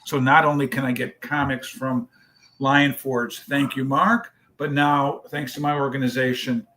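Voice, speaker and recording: Man, charity founder, storyteller, acts out dialogue, mid pitch. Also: a bit bright. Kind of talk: telling a story in a podcast interview.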